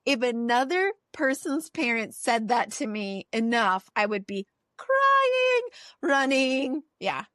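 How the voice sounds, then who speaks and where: A woman's voice: on the high side, a little slow, hardly any pauses, fairly bright tone, no echo, studio quality. A woman co-hosting a podcast in casual chat, acting out quotes and laughing often. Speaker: podcast co-host.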